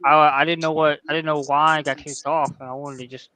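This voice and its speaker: A man's voice: on the high side, flat delivery, fairly quick, sharp tone. A man as a guest on a live stream chat, answering hesitantly with many uhs and restarts.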